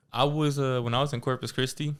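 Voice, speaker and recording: A man's voice: mid-range voice, fairly even intonation, brisk. A young man co-hosting a podcast, chatting in a laid-back, joking and slangy way. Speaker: co-host. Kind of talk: casual chat.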